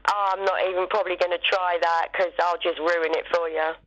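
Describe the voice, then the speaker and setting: A woman's voice: lowish voice, fairly even intonation, a little fast, fairly bright tone, highs cut off. A woman in her forties on a flirty phone chat, playful and giggly. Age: 40s. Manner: giggly, playful, breaks into laughter. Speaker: chat line presenter.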